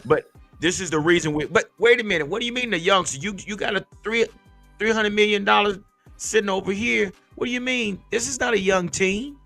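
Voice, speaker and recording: A man's voice: high-pitched, brisk, gravelly, bright, forceful tone, soft background music. A man hosting a casual sports podcast as a former player, ranting in a heated, emphatic, fired-up way.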